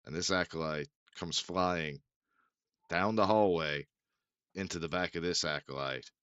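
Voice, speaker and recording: A man's voice: low-pitched, a little slow, a bit bright, clean tone, dry recording. A man narrating as game master in a loose, swearing, laugh-prone way, recorded on a dull lo-fi mic.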